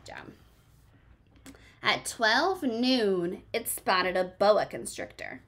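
A woman's voice: medium pitch, big pitch swings, drawn-out words, a bit bright. A woman teacher reading a picture book aloud to a class, asking questions and encouraging children by name.

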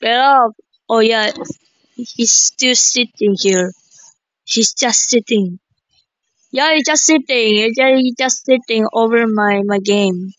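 A woman giving excitable gameplay commentary, full of sudden exclamations. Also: fairly high pitch, slow pace, no echo. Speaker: gaming streamer. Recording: slightly dull lo-fi mic.

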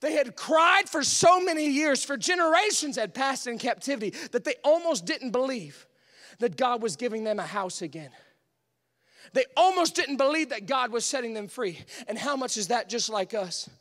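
A man preaching a Pentecostal sermon in a church, swinging from hushed pleading to full shouts. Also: very high-pitched, animated, moderate pace. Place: church sanctuary.

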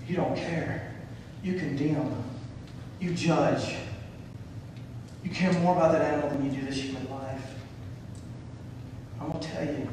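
A man preaching a sermon as pastor, fervent and building to shouts, with many repeated phrases. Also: mid-range voice, noisy background. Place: church sanctuary. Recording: echoey church hall from far off.

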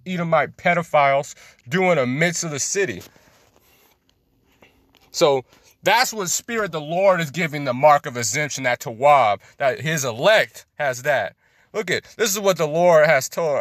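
A man's voice: fairly high pitch, fairly bright tone, no echo, clean studio sound. A man teaching a scripture lesson in a street style, preachy, emphatic and full of profanity.

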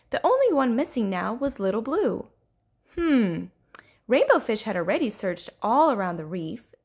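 A woman reading a children's storybook aloud in an expressive, storybook way. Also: a little high, breathy edge. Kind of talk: children's read-aloud narration.

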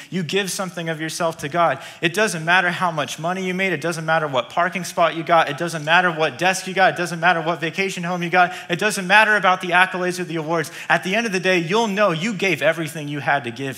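High, bright-voiced storytelling pastor. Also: male voice, fast talker, hardly any pauses. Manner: lively storytelling, chuckling asides. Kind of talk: sermon. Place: church auditorium.

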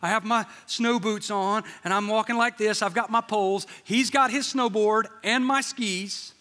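A man's voice: high-pitched, normal speed, pushed and bright, long reverb tail. A man in his fifties preaching a sermon, telling a candid story and acting out the dialogue. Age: 50s. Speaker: pastor. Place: church sanctuary.

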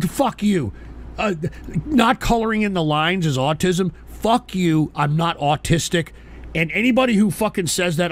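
A man hosting an internet radio show, delivering a profane, combative live rant. He keeps adding insistent tag questions and breaks into sudden shouted outbursts. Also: sits high, gravelly. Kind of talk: live-streamed ranting monologue.

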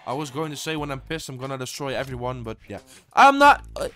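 A young man hosts a gaming channel, giving excitable commentary, swearing constantly, and yelling at opponents. His voice is medium-pitched and quick, with faint music in the background.

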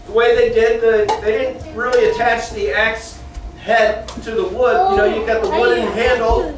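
A man teaching a Bible lesson to children in a church classroom, telling the story with animation and pausing to correct the kids. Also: very high voice. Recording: very echoey room from far off.

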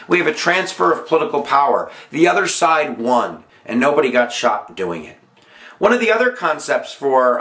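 A man's voice: mid-range voice, a bit bright. A male history teacher giving a casual, jokey exam-review lesson with emphatic points and self-mocking asides. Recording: echoey room.

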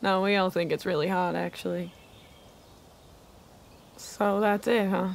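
A woman's voice: medium pitch, fairly even intonation, a little slow, creaky. An actress voicing a teasing, sarcastic young woman drifter in a video game, with a faint outdoor hum and birds behind.

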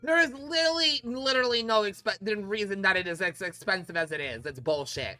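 A woman's voice: medium pitch, moderate pace, hardly any pauses, bright, forceful tone. A woman streaming a game, talking in a frustrated, swearing, exasperated way. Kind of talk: live game stream commentary.

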